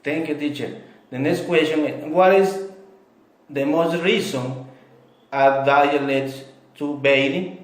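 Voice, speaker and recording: A man's voice: on the high side, slow. Echoey young man asking questions. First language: Spanish. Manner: careful, slightly broken English. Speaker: student interviewer. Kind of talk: reading interview questions. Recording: echoey room.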